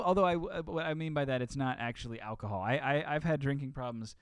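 Casting: young male co-host, teasing and playful, smooth clear voice, dry close sound. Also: mid-range voice, no room sound. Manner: playful, teasing, halting restarts. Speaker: podcast co-host. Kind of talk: casual chat.

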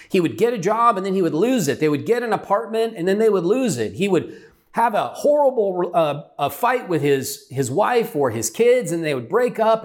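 A middle-aged man, a pastor, telling a personal story in an earnest, conversational sermon style. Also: a little high.

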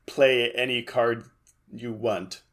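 A young man with an ordinary mid-pitched voice recaps a cartoon episode with a friend. His delivery is dry and sarcastic, tossing in quips as he goes. The tone is loose and conversational. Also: fairly even intonation, slow, a bit bright. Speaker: podcast co-host. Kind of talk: casual chat recapping a show.

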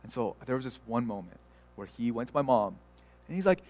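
A man's voice: medium pitch, big pitch swings, fairly quick, a little mellow. A young adult man, a pastor, preaching a sermon in a chatty storytelling way with many fillers and restarts. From United States.

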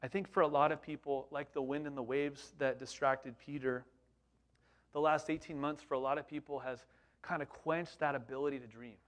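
A man preaching a sermon in a conversational, animated way, with frequent rhetorical questions to the congregation. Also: mid-range voice, moderate pace. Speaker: pastor.

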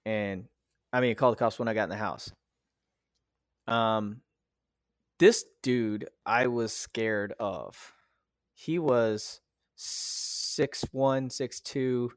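A man's voice: lowish voice, fairly even intonation, takes it slowly, pauses often, no echo, studio quality. A man in his thirties telling a personal story as a podcast guest, emotional and profane, with many fillers and restarts. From United States. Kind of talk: casual storytelling.

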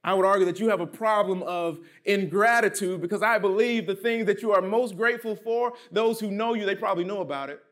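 A man preaching a sermon as pastor, reading scripture and pressing his points with emphatic drops in pitch and volume. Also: brisk, hardly any pauses, fairly bright tone.

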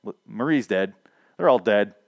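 Low-ish dude ranting through a tv recap, lots of swearing, dry close mic. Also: male voice, expressive, normal speed, gravelly, no echo. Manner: profane, rambling, laughing asides. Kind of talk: casual TV episode recap.

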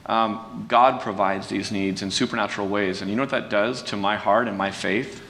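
A man preaching in a relaxed, conversational way, folksy and self-deprecating, with restarts and fillers. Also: moderate pace, few pauses. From California. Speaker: pastor. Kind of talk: conversational sermon talk. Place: church sanctuary. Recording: distant mic with long hall reverb and faint rumble.

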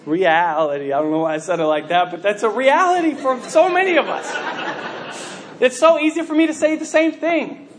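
A male preacher delivering a sermon in a high, light voice. He tells stories animatedly, restarting his sentences and filling the pauses with "you know". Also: crowd noise, background noise. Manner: animated storytelling with many fillers and restarts.

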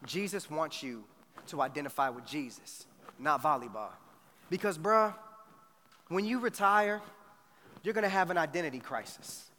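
A middle-aged man preaching a storytelling sermon, animated and slangy, acting out both sides of a conversation. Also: fairly high pitch, moderate pace, pauses often. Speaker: pastor. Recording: faint noise, long hall reverb.

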